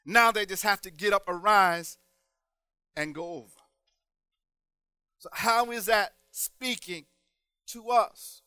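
A man preaches a sermon in a high, bright voice that rings clear and smooth. He works in a rhythmic cadence, swelling to shouted peaks and sinking back to hushed lines. The sound is close and dry. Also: takes it slowly, long pauses, no room sound.

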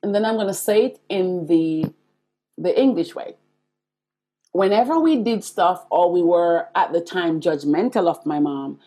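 A Jamaican woman in her forties talks to her listeners in a confiding, earnest podcast monologue. Her voice sits a little low and sounds husky. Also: a little slow, dark tone. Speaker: podcast host. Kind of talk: personal storytelling monologue.

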